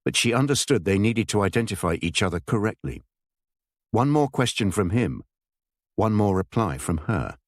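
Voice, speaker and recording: A man reading a thriller aloud in measured, expressive scripted narration. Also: low voice, breathy edge, dry recording, clean studio sound. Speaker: audiobook narrator.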